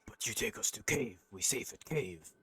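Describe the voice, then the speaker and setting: A man's voice: on the low side, lively intonation, normal speed, fairly bright tone, slightly rough, pitched above the performer's own voice, heavily acted. A man with a sore throat voicing a brutish cave troll who speaks in broken, caveman-like grammar. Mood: pleading.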